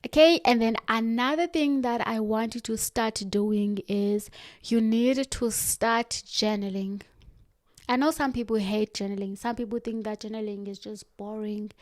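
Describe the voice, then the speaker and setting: A woman giving a motivational self-help talk, earnest and direct, slowing down for firm emphasis. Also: fairly high pitch, fairly even intonation, a little mellow, no echo, studio quality.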